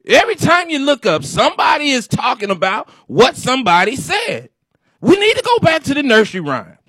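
Husky high-voiced man ranting. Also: huge pitch swings, moderate pace, fairly bright tone, no room sound. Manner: exasperated, lecturing, repeats himself. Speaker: commentary show host. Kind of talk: preachy commentary rant.

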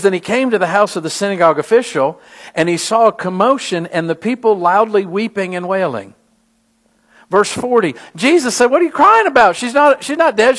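A middle-aged man, a pastor, preaching a sermon with animated storytelling that rises to emphatic peaks. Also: high voice.

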